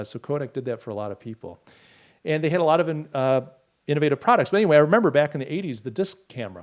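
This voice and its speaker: A middle-aged man hosting a podcast, rambling through opinions and reading out viewer comments in casual livestream talk. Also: mid-range voice. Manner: opinionated, rambling, many restarts. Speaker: podcast host.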